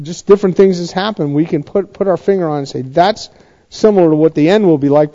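High-voiced man teaching scripture, lo-fi. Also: warm tone. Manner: conversational, with frequent restarts and asides to listeners. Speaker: pastor teaching a Bible study. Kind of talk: verse-by-verse Bible teaching.

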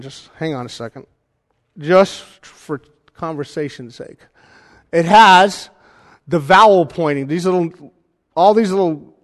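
A man teaching a Bible study class in a casual, conversational way, often checking in with his listeners. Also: a little high. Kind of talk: informal teaching, demonstrating software. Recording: hall reverb.

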